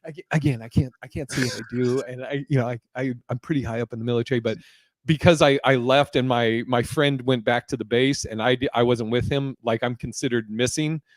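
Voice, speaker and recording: A man imitating an erratic woman who claims secret military rank, in a low, mumbled, rushed voice. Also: fairly even intonation, dry recording, studio quality, natural voice. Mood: secretive.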